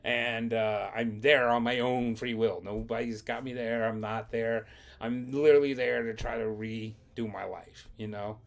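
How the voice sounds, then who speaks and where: Gravelly young guy rambling through a long cussing story, vlog style. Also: medium pitch, steady tone, measured pace. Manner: rambling, profane anecdote-telling. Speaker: vlogger.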